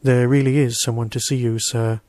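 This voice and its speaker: A man's voice: mid-range voice, normal speed, no echo, lightly acted. Man reading as a resigned robot butler. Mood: dutiful. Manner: flat, resigned politeness. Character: resigned male robot butler, matter-of-fact.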